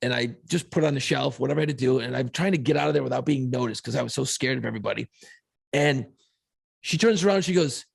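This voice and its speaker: A man's voice: mid-range voice, fast talker, gravelly, breathy edge. A man co-hosting a podcast, chatting casually and swearing freely while he tells stories. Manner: profane, animated storyteller. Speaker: podcast co-host. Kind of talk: casual chat.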